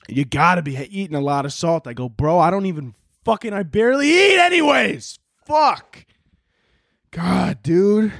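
Casting note: young male podcast host, mid-pitched, rambling and profane, very dry close-mic sound. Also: dry recording. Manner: profane, rambling, swears constantly; acts out quotes in loud high-pitched bursts. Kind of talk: casual solo podcast rant.

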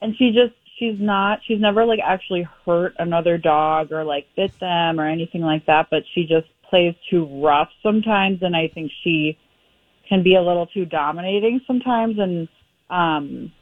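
A woman calling into a radio show, talking casually and haltingly with fillers. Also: on the low side, no echo. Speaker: caller. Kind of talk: call-in phone conversation. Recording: tinny phone line.

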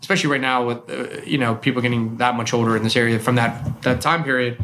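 A man's voice: mid-range voice, steady tone, fast, a bit bright, a little hiss or hum. A man who owns a bar and collects whiskey, chatting casually and telling rambling stories that trail off and restart. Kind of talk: casual chat.

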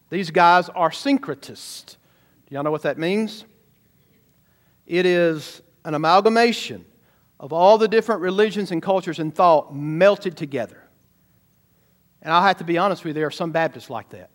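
A man preaching a sermon as pastor, animated and talking straight to the congregation. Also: a little high, moderate pace. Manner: animated preaching, sudden shouts and asides to the congregation.

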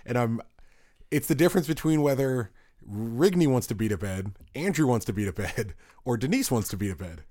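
A man's voice: mid-range voice, expressive, brisk, mellow, no echo, clean studio sound. A man co-hosting a podcast, telling stories in a rambling, self-interrupting way and laughing at his own tales. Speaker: podcast co-host. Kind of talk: casual storytelling chat.

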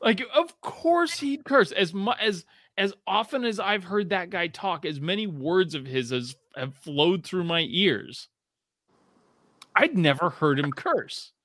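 Casual podcast talker, profane rambling man, slightly high, tense tone. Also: unhurried, no echo, clean studio sound. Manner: rambling, profane, many fillers and restarts; animated storytelling with voiced quotes. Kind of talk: casual chat.

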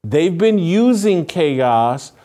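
A man's voice: fairly high pitch, very animated, extremely slow, dark tone. A man hosting a political talk show, speaking fervently with frequent restarts. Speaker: podcast host.

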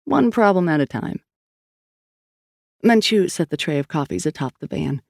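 A woman's voice: low voice, expressive, moderate pace, gravelly, a little mellow, dry recording, studio quality. A woman narrating a novel in clipped, terse scripted storytelling. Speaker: audiobook narrator.

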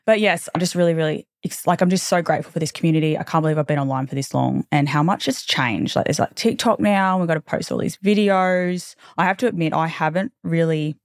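A woman's voice: fast talker, hardly any pauses, no room sound, clean studio sound. A woman in her thirties hosting a podcast, talking in a candid, chatty way with casual swearing and tangents. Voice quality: low, not girly voice. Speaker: podcast host. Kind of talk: casual chat.

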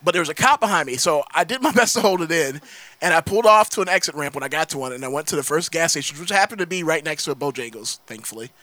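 A man's voice: fairly high pitch, expressive, fast, bright, forceful tone, no echo. A man from Florida telling a rambling comic story in casual podcast chat, laughing through it. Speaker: podcast co-host.

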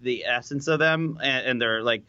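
A man guesting on a casual chat, joking quickly and laughing often. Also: mid-range voice, pushed and bright, smooth, no echo, lo-fi sound. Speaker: guest, web series co-creator.

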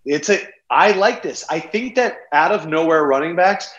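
A man hosting a casual sports betting podcast, playful and excitable, speaking over a phone. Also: fairly high pitch, dull audio. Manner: excitable, playful, quick asides. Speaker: podcast host. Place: home in a city apartment. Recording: echoey room over a phone.

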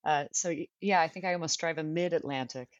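Californian woman co-host, chatty and self-mocking, lowish voice, dry dull recording. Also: fast talker, dry recording. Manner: chatty, self-deprecating, laughs often. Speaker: actress, podcast co-host. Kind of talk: casual podcast chat.

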